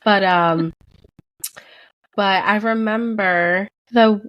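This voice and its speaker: Brief: profane, lively young woman storyteller. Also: mid-range voice, very slow, dull audio. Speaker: podcast co-host. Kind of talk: casual chat.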